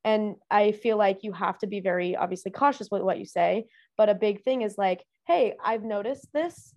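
A woman's voice: mid-range voice, steady tone, fairly quick, warm tone, no room sound, dull audio. A young woman talking casually about friendship in a rambling way, full of "like" and restarts. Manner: rambling, heavy use of "like" and fillers. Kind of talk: casual personal chat.

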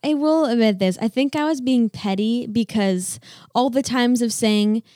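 A woman's voice: on the high side, unhurried, mellow, dry recording, clean studio sound. A young woman in a casual family chat with her parent, talking candidly and asking questions. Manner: candid, chatty, self-questioning. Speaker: adult child of co-host.

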